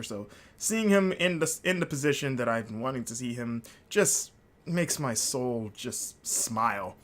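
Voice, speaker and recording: A man's voice: medium pitch, fairly quick, fairly bright tone. Chatty man rambling through a recap. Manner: rambling, filler-heavy, enthusiastic. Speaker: podcast host. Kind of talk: casual solo podcast recap.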